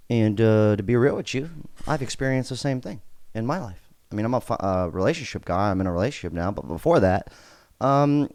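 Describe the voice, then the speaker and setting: Animated joking male podcast host. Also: medium pitch, no room sound. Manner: joking, laughs often, animated. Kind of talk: casual commentary reacting to clips.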